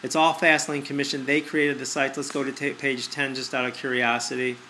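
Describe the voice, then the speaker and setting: A man's voice: mid-range voice, flat delivery, brisk, sharp tone, a little hiss or hum. A man giving a persuasive screen-recorded review, repeating his points and asking rhetorical questions. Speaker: online marketer.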